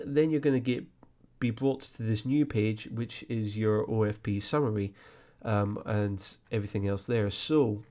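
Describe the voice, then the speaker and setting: A man hosting a screen-recorded flight sim tutorial, explaining step by step in a relaxed way with frequent fillers. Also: mid-range voice.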